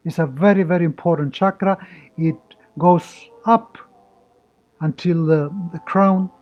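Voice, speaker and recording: A man leading a live-streamed guided meditation, speaking slowly and soothingly with gentle instructions. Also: on the high side, no room sound. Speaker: meditation teacher. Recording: dull lo-fi audio with music. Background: soft meditation music.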